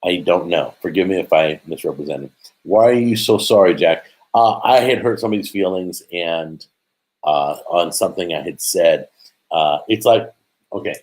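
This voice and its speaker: A middle-aged man with a low voice chats casually through a live stream. He reads viewer comments aloud and rambles along with plenty of ums and restarts, as a show host would. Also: darkish tone, low-quality recording. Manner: rambling, chatty, halting with many fillers. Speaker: host reading live chat.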